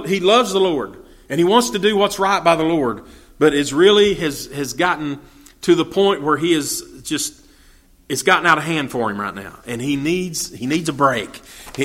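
A man's voice: on the high side, a bit bright. A man teaching a verse-by-verse Bible study. He reads the scripture aloud and then explains it in plain, folksy talk with fillers and restarts.

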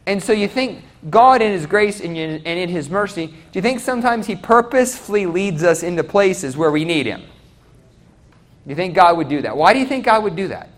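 A man's voice: sits high, lively intonation, a little fast. A man preaching a sermon, asking the congregation questions directly. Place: church.

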